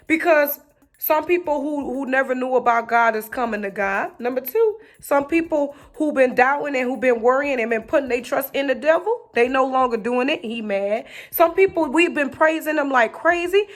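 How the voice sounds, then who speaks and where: A woman preaching an encouraging sermon, rhythmic and repetitive, with casual slang. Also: sits high. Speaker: online preacher.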